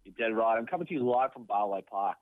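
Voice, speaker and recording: A man's voice: lowish voice, lively intonation, quick pace, no echo, phone-quality sound. A man rattling off sports clichés as a mock field reporter on a comedy radio show. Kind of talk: mock sports-reporter spiel over the phone.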